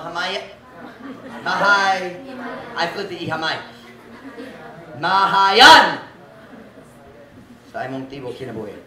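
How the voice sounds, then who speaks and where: A man preaching in a church hall, his slightly high voice carrying through a roomy, echoing space. He sounds a little distant from the mic, with faint room noise underneath. He swings from shouted exhortation to quiet earnestness, dropping in Visayan phrases. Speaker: pastor. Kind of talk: sermon.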